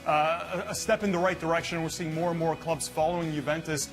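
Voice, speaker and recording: A man's voice: on the high side, fairly even intonation, brisk, faint music behind. A man giving confident football analysis on a studio panel. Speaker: pundit.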